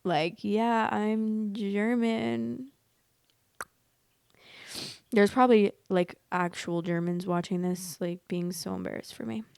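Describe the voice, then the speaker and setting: A young woman with an American accent talks in a casual, chatty way and reacts to stories with big, exaggerated remarks. Her voice is smooth and clear, and it sounds close and dry with no room around it. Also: lowish voice, moderate pace, few pauses, dry recording. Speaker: host reading online stories. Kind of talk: casual storytime commentary.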